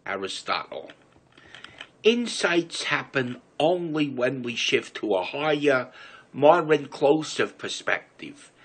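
A man reads an inspirational passage aloud in a put-on New York City accent. His voice is husky and his pace is very slow, with phrases drawn out in a deliberate, measured way. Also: medium pitch, a bit bright. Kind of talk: reading an inspirational book aloud.

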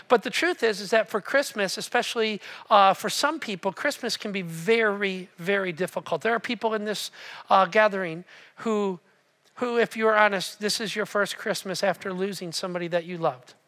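A man's voice: sits high, bright, forceful tone. A male pastor preaching a conversational sermon, joking and asking the congregation questions.

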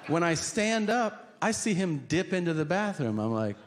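Guy doing standup, kinda high voice that jumps all over, swears a lot, does other people's voices, noisy live room behind him. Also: very animated, normal speed. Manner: profane storytelling that acts out others in shifted voices. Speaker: stand-up comedian. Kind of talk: stand-up comedy routine. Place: comedy stage before a live audience.

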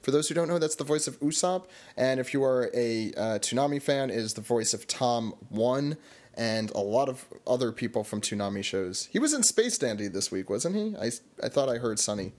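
A man's voice: mid-range voice, lively intonation, a little fast, a little mellow. A man hosting a podcast in casual chat, talking loosely with many filler words. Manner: loose, lots of uh fillers, wraps segments up. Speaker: podcast host.

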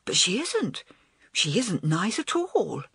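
A woman voicing a gentle schoolgirl who speaks softly and mildly. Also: medium pitch, wildly swooping pitch, takes it slowly, slightly rough, dry recording, studio quality, heavily acted. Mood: shocked. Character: gentle, kind schoolgirl friend.

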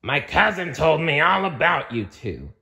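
A man reading a storybook aloud, voicing a strict, menacing female office-manager monster with a slow, pointed delivery. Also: on the high side, big pitch swings, gravelly, bright, forceful tone, voice pushed up, full character voice. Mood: stern.

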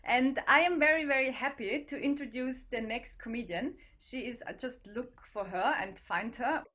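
A woman's voice: fairly high pitch, moderate pace, sharp tone. A woman hosting an online comedy show over a video call, talking hesitantly with many fillers and giggling often.

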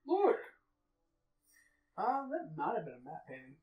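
A man's voice: high-pitched, wildly swooping pitch, a little slow, roomy sound, lo-fi sound, background noise. A man co-hosting a riff track, trading wry jokes over a movie. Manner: wry, laughing banter. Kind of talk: casual joking movie commentary.

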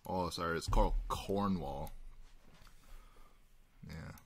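A man hosting a live card break, calling out pulls and chatting with viewers in a relaxed, rambling way. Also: low voice, slow pace, slightly rough. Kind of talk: casual live-stream chat while opening cards.

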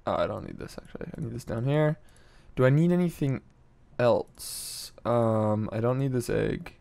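A man's voice: mid-range voice, animated, normal speed, vocal fry, warm tone. A man giving casual, slangy game commentary, talking to himself and getting easily frustrated as he plays. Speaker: gameplay commentator.

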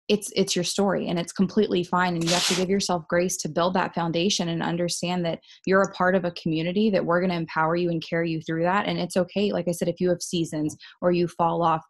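Brief: woman team leader on a video call, encouraging and repetitive, low-pitched. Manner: upbeat, encouraging, repeats phrases for emphasis. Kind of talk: motivational team call talk.

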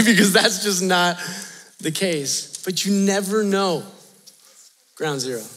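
Youth pastor, man, high voice, lively storytelling sermon, long hall reverb. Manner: animated, chatty, laughs often, talks straight to the audience.

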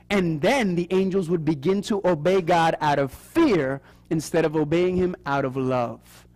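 A man preaching a Bible prophecy sermon, animated, often asking the audience questions and acting out quoted voices. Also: on the high side, a little slow. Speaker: seminar preacher.

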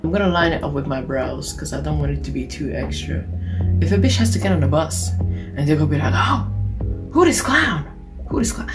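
A woman's voice: low voice, fast talker. A young woman, chatting casually and swearing playfully while doing her makeup on camera. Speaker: beauty vlogger. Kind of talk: casual get-ready-with-me chat. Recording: music playing underneath. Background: background music.

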